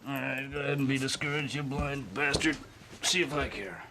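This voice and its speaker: A man's voice: medium pitch, brisk, background noise, close to an everyday voice. An actor playing a weary, grumpy man who mutters sarcastically at his dog. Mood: sarcastic.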